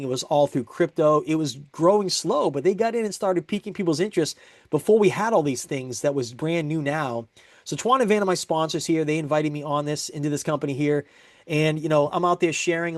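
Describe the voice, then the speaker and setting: A man's voice: on the high side, no echo, clean studio sound. A man giving a recorded sales presentation, upbeat and explaining step by step.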